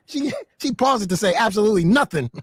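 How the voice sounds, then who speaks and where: A man hosts a casual reaction chat and fires off loud, laughing exclamations. His voice is slightly husky and swings widely in pitch. The sound is dry and close. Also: no room sound. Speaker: stream host reacting to a video.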